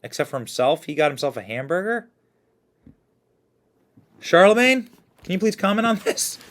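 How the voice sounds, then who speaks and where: A male commentator runs a reaction show and mocks each clip, laughing as he goes. His voice sits fairly high and sounds bright. His pitch swings widely from line to line. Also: normal speed, a little hiss or hum. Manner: mocking, animated, laughs often. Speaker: political commentary host.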